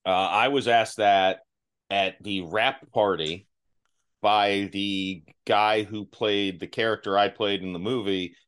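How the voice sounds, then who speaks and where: Guy hosting a podcast, lowish voice, kinda halting, laughs at himself. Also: fairly even intonation, fairly bright tone, clear, resonant tone. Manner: self-deprecating, halting with restarts. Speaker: podcast host. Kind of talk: casual chat.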